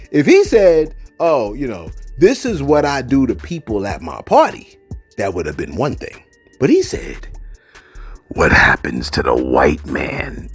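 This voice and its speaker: A man giving casual reaction commentary, animated and repetitive, often circling back with "look" and "you know what I'm saying". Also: mid-range voice, breathy edge.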